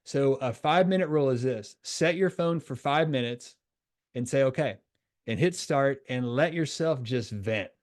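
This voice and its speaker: A man coaching young soccer players on mental skills, energetic and acting out the voices in their heads. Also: mid-range voice, normal speed. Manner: energetic, acts out inner voices. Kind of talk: coaching talk to a youth soccer team.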